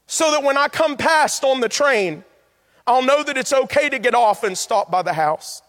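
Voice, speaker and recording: A preacher voicing an ashamed young ex-convict. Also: male voice, very high-pitched, a bit bright, pitched above the performer's own voice, heavily acted. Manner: earnest, pleading storytelling. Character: ashamed young male ex-convict heading home. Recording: long hall reverb, faint music.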